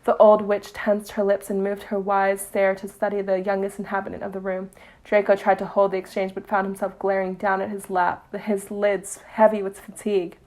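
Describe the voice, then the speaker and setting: A young woman reading a story aloud in a relaxed, casual way. Her narration stays soft and quiet, and she lets small slips of the tongue slip through. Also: mid-range voice, normal speed. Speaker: fanfiction reader.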